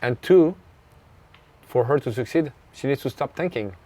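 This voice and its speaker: A man with a French accent, a tennis coach from France, shares a story in an interview at normal speed. His mid-range voice is expressive and dark-toned, and he is earnest and reflective as he plays out recalled conversations.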